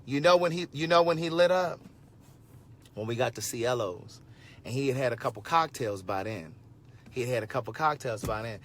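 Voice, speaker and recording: A man in his forties telling a story to his viewers in a casual livestream, animated and sassy, with frequent asides. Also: mid-range voice, a little fast. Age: 40s.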